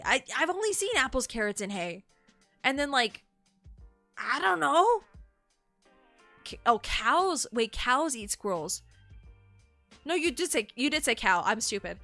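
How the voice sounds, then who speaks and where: A young woman streaming, who reads entries aloud calmly and breaks into shocked, swearing exclamations. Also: fairly high pitch, unhurried, long pauses, no room sound, faint music behind. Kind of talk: live-stream reaction and reading aloud.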